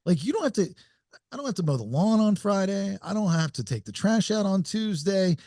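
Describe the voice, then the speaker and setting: A man co-hosting a podcast, riffing and cracking jokes in loose conversation. His voice sits a bit higher than most men's, and the recording is dry and close. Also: sing-song, fairly quick, warm tone, no echo. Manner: joking, riffing on a tangent. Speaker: podcast host. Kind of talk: casual chat.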